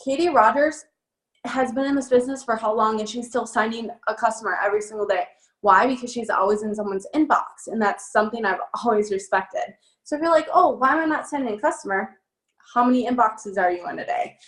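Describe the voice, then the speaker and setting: A woman's voice: a little high, a little fast, fairly bright tone. A young woman giving a casual sales training talk, chatty and upbeat with lots of fillers. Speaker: network marketing trainer. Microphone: phone. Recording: echoey room.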